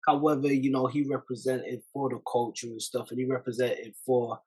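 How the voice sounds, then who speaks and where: A man hosting a commentary video, speaking in a measured, reflective way with many fillers. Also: mid-range voice, level tone, darkish tone, slightly rough, poor audio. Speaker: channel host.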